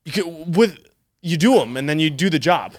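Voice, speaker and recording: A man's voice: on the high side, animated, moderate pace. A man co-hosting a podcast in casual chat, rambling and swearing loosely. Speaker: podcast co-host.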